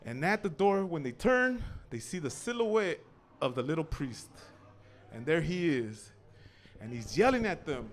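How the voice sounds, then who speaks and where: A young man telling a profane comic story at an open mic, acting out voices and shouting. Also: a little high, sing-song, a little slow. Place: small cafe open mic stage.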